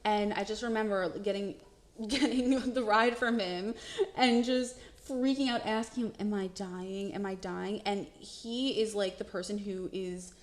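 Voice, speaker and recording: A young woman co-hosting a podcast, telling a story in an animated way, laughing, swearing and acting out the quotes. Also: a little high, measured pace. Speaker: podcast co-host. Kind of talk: casual storytelling chat. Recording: roomy echo.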